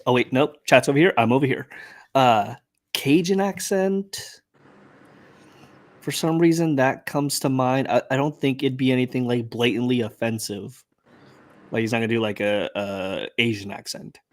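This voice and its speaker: Rambling man thinking aloud. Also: medium pitch. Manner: thinks aloud with many fillers. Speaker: trivia contestant and co-host. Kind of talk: casual live-stream chat.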